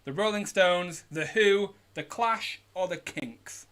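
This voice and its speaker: A British man with a slightly high voice hosts a live online pub quiz from a home streaming setup. Speaking slowly with a clean tone, he stays upbeat while reading questions and giving shout-outs to teams.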